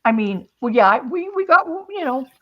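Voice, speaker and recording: A woman's voice: high voice, big pitch swings, moderate pace. A woman chats casually as host of a craft stream, telling a long personal story. She slips into quoting what others said and laughs often. The audio is a little dull and lo-fi. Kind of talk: casual chat.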